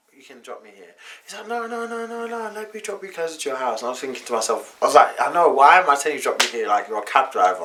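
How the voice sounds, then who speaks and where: A man's voice: mid-range voice, noisy background. A young man telling a personal story to camera in a casual, slangy, candid way. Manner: chatty, slangy, candid retelling. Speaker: vlogger.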